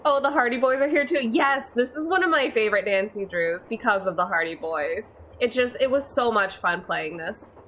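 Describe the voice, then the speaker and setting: A woman's voice: on the high side, lively intonation, moderate pace, few pauses, fairly bright tone, slight background noise, low-quality recording. A young woman streamer chatting and laughing as she plays a video game live at her desk mic. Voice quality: giggly, chatty. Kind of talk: live gameplay commentary.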